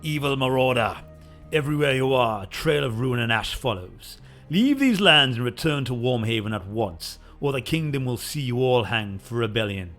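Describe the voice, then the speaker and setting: A man's voice: medium pitch, animated, normal speed, fairly bright tone, faint music behind, voice pushed up. A man reading out the lines of a stern enemy lord in a raised, declamatory voice. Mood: commanding.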